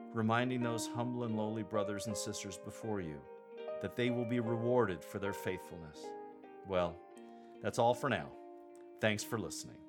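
A man hosting an instructional podcast, coaching scripture readers in a measured, deliberate way. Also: lowish voice.

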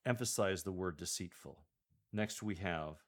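A man hosting an instructional podcast, coaching scripture readers in a measured, deliberate way. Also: lowish voice, expressive.

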